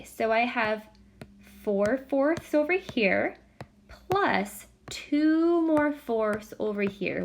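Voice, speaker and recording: A woman teacher walking students through a recorded math lesson step by step, patient, counting aloud softly as she works. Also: fairly high pitch, slight background noise.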